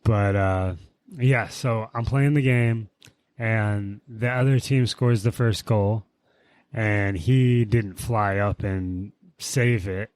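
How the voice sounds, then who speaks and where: A man's voice: fairly low pitch, takes it slowly, smooth, no echo. A man casually chatting on a podcast, telling a story with lots of swearing and heated outbursts. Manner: profane, animated storytelling with heated quoted outbursts. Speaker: podcast co-host.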